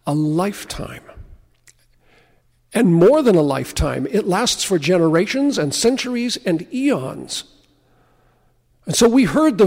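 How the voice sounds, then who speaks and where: A man preaching a sermon in a notably high voice. He tells stories and slows, dropping to a hush to stress key words. The sound carries a long, spacious reverb. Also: vocal fry. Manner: storytelling preacher, slows and drops to a hush for emphasis. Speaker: pastor.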